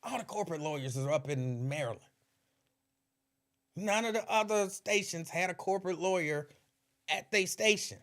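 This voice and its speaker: A man's voice: sits high, normal speed, pauses often. A man hosting his own podcast, chatting casually about his years in radio and laughing often. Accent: Cincinnati area. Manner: laughs often, animated storytelling. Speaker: podcast host, former radio host. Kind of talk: casual livestream chat.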